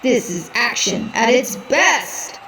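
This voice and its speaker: A woman voicing an overexcited male wrestling announcer who bellows drawn-out hype. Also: sits high, animated, heavy reverb, recorded from a distance, a little hiss or hum, pitched above the performer's own voice. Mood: hyped.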